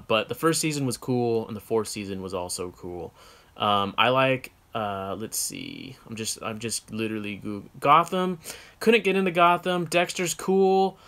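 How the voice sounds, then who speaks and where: A man's voice: mid-range voice, bright, forceful tone, smooth. A man from the United States co-hosting a casual chat show, answering viewer questions in a frank, rambling way with many fillers and self-corrections.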